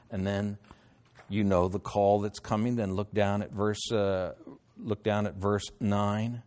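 Slow, deliberate male preacher. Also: on the low side, little pitch movement, a little mellow. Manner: reads scripture slowly and deliberately, then explains in plain talk; clears throat, restarts readings. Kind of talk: sermon, Bible teaching.

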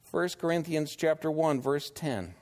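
Unhurried preacher, slightly high-pitched man. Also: expressive, a little mellow. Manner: unhurried preaching with rhetorical questions. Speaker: pastor. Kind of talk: sermon.

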